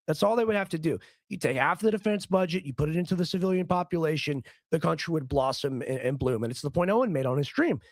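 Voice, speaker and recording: Give me a hoarse, fairly high-voiced man hosting a live stream, ranting heatedly in a dry, close sound. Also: lively intonation, quick pace, few pauses, dry recording. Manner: rambling and heated, repeats words. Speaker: political stream host. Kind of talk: casual ranting commentary stream.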